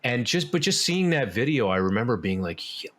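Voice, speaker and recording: A man's voice: medium pitch, very animated, fairly quick, fairly bright tone. A man speaking as a podcast guest in casual interview chat, rambling with lots of fillers and restarts. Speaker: podcast guest, musician and actor.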